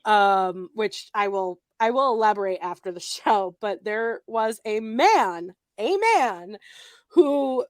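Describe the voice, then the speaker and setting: A woman's voice: medium pitch, lively intonation, takes it slowly, no echo, studio quality. A woman co-hosting a podcast, chatting casually in a bawdy way and laughing often. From United States. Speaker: podcast co-host. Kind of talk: casual chat.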